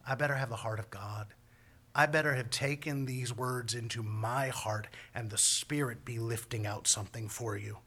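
A man's voice: mid-range voice, fairly bright tone, slightly rough. A man preaching a sermon as pastor, talking in a folksy, conversational way with homespun phrases.

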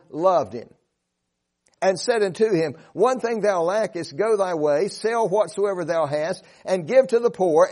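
Man, preacher, high voice, earnest, emphatic, sermon, scripture recitation. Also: darkish tone. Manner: earnest, emphatic, quotes scripture in King James wording.

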